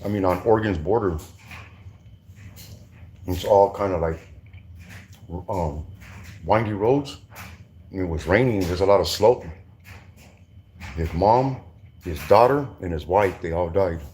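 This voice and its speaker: In a mellow, low voice at a measured pace, with frequent pauses, a middle-aged former prisoner from Southern California tells casual prison stories in profane street slang, full of restarts. Slight background noise is audible.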